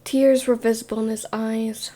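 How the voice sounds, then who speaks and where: A woman narrating a second-person story in a whispered role-play, in a hushed voice. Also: on the high side, little pitch movement, moderate pace.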